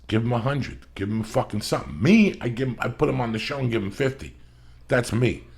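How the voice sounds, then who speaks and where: His mid-range voice has lively intonation, vocal fry, a darkish tone and a breathy edge, at a fairly quick pace. A middle-aged podcast host, he rambles through stories in casual talk, swearing constantly and driving his points hard.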